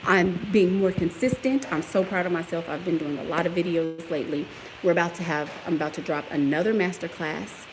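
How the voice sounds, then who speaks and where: Here a woman with a lowish voice speaks a little fast in a casual vlog, sassy and animated, laughing often and answering commenters. She moves through her house and yard; the home recording has clear background noise, music behind her and poor audio overall.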